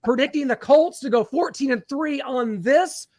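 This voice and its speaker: Male podcast host, very high voice, animated emphatic banter, dry close sound. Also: normal speed, dry recording. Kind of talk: casual sports chat.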